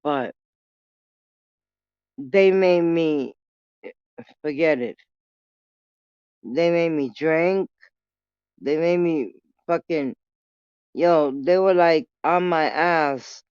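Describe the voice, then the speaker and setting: A woman telling a story casually on her vlog, animated and full of swearing. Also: deep voice, very slow, pauses often, smooth, no room sound, dull audio. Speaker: vlogger.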